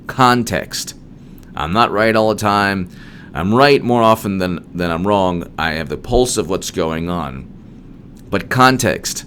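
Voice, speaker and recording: A man's voice: low voice, takes it slowly, fairly bright tone, slight background noise. A man hosting a solo political commentary monologue, emphatic and digressive, with frequent restarts.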